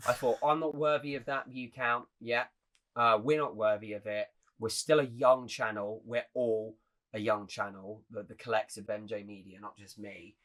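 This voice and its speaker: In casual, earnest chat full of restarts, a twenty-something podcast co-host speaks at normal speed. His lowish voice holds a steady tone and sounds a bit bright.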